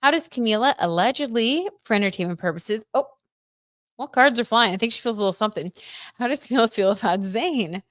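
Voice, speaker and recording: A young woman casually chatting on a livestream, reading out viewer comments and reacting excitedly while doing tarot. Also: a little high, fairly quick, dry recording, clean studio sound.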